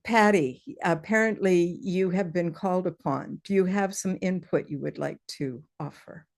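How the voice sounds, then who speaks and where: A woman's voice: lowish voice, moderate pace. A woman hosting an online meeting, enthusiastic, thanking people and inviting them to speak. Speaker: meeting host. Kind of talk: casual online meeting talk. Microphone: video call.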